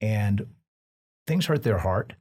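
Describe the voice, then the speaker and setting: Husky low-voiced male podcast host. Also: lively intonation, darkish tone. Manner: reflective, measured advice-giving. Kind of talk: casual podcast conversation.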